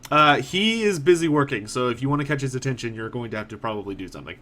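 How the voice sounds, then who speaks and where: A man's voice: medium pitch, fast talker. A man running a tabletop role-playing game as game master, narrating loosely with plenty of ums and uhs. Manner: relaxed, filler-heavy narration.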